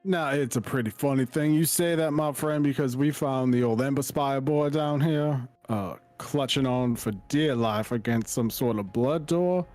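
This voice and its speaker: A man's voice: mid-range voice, moderate pace, few pauses, darkish tone, no echo, soft background music, lightly acted. A man playing a boastful adventurer who speaks in a grandiose, storytelling way. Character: boastful adventurer, theatrical and long-winded. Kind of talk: tabletop game role-play.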